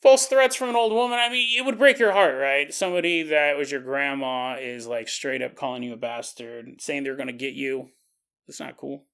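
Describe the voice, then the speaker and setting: A man hosting a podcast, telling a story in a casual, animated way and joking and laughing as he goes. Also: mid-range voice, normal speed, creaky. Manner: animated, jokey, laughs often. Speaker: podcast host.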